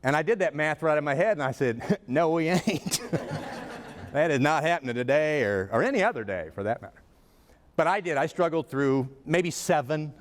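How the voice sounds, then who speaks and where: Guy doing a funny keynote talk, voice jumping all over, big echoey hall. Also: a little high. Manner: animated, comic asides. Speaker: motivational speaker. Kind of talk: humorous keynote storytelling. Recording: reverberant hall.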